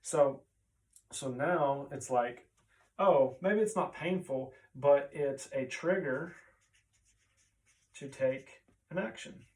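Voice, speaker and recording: A man's voice: medium pitch, slow, long pauses, darkish tone, far from the mic, low-quality recording. Man talking a bit off mic. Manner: conversational, often tags on "right?". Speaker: chiropractor. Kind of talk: casual explainer talk.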